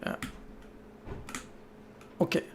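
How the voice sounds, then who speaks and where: A man talks through his code on a live stream at an unhurried, slow pace. His speech is casual and slangy, breaking into short thinking-aloud bursts and the odd curse as he works. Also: slight background noise. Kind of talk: casual live-stream chat while programming.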